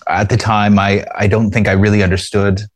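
A man from Canada, an actor, talking in a relaxed way as an interview guest from his home, pausing with fillers as he thinks. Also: on the low side, no room sound. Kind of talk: casual interview.

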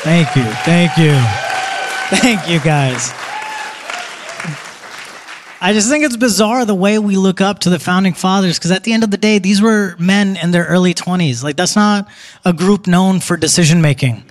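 A young man works a live stand-up set, his high voice carrying casual, joking asides to the crowd. A faint audience murmur and a little noise hang under the stage mic. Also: normal speed. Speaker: stand-up comedian.

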